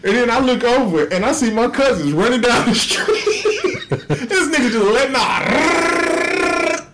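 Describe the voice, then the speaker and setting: A man's voice: very high-pitched, lively intonation, a little slow, very noisy. A man, hosting a podcast and telling profane stories in a casual chat, laughing often. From Houston, Texas. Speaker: podcast host.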